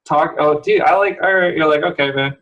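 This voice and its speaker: A man's voice: a little high, steady tone, a little fast, fairly bright tone, muffled recording, a little hiss or hum. A young man from the San Francisco area, a podcast guest telling rambling stories full of laughter and fillers. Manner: rambling storyteller, laughs often, many likes. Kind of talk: casual chat.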